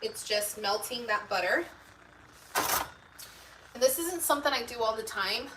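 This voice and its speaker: A woman's voice: a little high, expressive, measured pace, far from the mic, poor audio. A woman hosting a live cooking stream from her home kitchen, rambling casually to viewers and reading their comments aloud. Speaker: homemaking channel host. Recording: loud background noise in a home kitchen.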